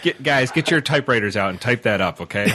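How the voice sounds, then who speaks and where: A man's voice: medium pitch, expressive, bright, forceful tone, slight background noise. A man co-hosting a podcast who jokes around and laughs easily. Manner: playful, joking, quick to laugh. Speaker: podcast co-host. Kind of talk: casual podcast chat.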